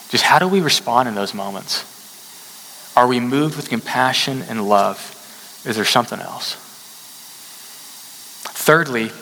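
A man preaches in a loose, conversational way, slipping into casual asides and story-telling. His voice is bright and forceful. The sound carries a long, reverberant hall tail. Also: medium pitch, slight background noise. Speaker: pastor. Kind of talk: sermon.

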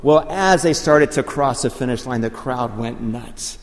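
A man preaching a sermon, telling stories and rising to loud, excited proclamations. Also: medium pitch, measured pace. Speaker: pastor. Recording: long hall reverb.

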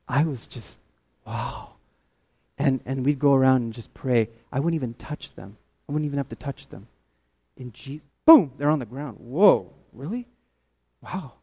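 A man from Canada preaching a testimony sermon, telling his story with animated, rising excitement. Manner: animated storytelling, climbs high and loud when excited.

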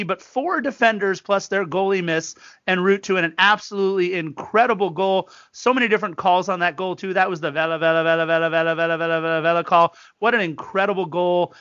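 A man co-hosting a casual sports podcast, telling stories with lively quoted voices. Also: high-pitched, dry recording, highs cut off. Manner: chatty storyteller, animated quoted voices. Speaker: podcast co-host.

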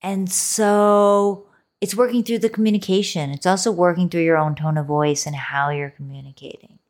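Speaking straight to the listener in a solo motivational talk about relationships, a woman with a low, full voice plays the intimate, pep-talking podcast host. She's playful and coaxing, calls the listener baby, and now and then drops into a soft whisper. Her intonation stays fairly even at a normal speed.

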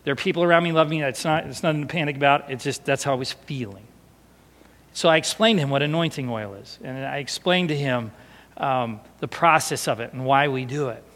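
A male pastor telling a personal story in a sermon, animated and expressive, sometimes falling to a hushed, emotional tone. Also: medium pitch, a little fast. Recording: long hall reverb.

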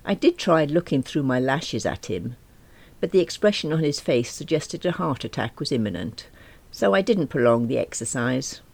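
A middle-aged woman narrates a first-person audiobook with dry, self-mocking wit. Her voice has a gravelly edge and rises and falls with lively pitch. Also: moderate pace. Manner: wry and self-deprecating.

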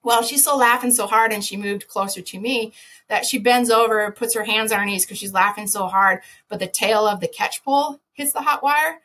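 A woman, a podcast guest, telling an animated story with lots of laughter, sudden loud shouted quotes and many restarts. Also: mid-range voice, moderate pace. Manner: lively, laughing, jumps to loud shouts when quoting herself.

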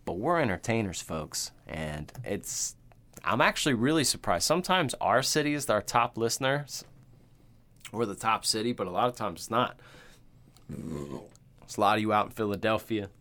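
A man's voice: lowish voice, animated, moderate pace, a bit bright. A man co-hosting a podcast, chatting casually in a crude, joking, rambling way. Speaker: podcast co-host.

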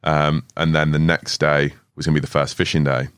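A man's voice: extremely low pitch, little pitch movement, brisk, fairly bright tone, clean tone, no room sound, clean studio sound. A young man in his twenties, a podcast guest telling stories in a laid-back way, swearing often and laughing as he goes. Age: 20s. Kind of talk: casual storytelling chat. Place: podcast studio.

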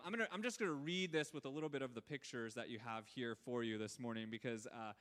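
A man's voice: mid-range voice, fairly bright tone. A man in his thirties giving a conversational sermon as a pastor, informal and candid, with frequent fillers and restarts. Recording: long reverb.

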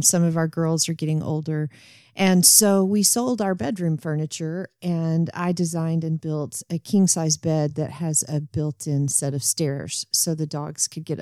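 A middle-aged woman with a drawl tells a personal story in a loose, rambling way and keeps breaking off to restart her sentences. Her voice is soft and mellow and sits a little low. The recording is close and dry. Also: dry recording. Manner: rambling, warm-hearted, self-interrupting. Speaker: podcast host. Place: home bedroom.

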